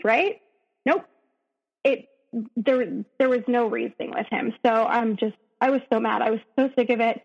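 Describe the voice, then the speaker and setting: A woman, a podcast guest, recounting her own story in an emotional, halting way full of restarts. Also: on the high side, gravelly. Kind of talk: personal storytelling. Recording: dull, echoey recording.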